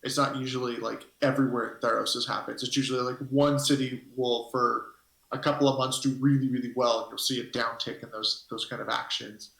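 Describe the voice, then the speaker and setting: Gravelly-voiced male game master, rambling. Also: mid-range voice, little pitch movement, fairly quick, a bit bright. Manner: rambling, hesitant, thinks aloud. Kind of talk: narrating a tabletop game on a live stream. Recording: echoey room.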